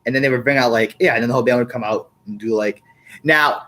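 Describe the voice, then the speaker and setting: A man hosting a podcast in casual chat, rambling and halting, often repeating words. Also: medium pitch, bright, forceful tone, slight background noise. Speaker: podcast host.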